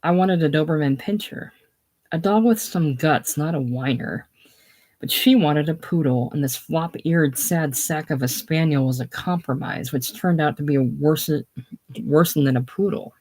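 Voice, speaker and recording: A person voicing Ralph, a gruff married man walking out on his family, who talks in a slow drawl, during a play reading. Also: mid-range voice, a little mellow.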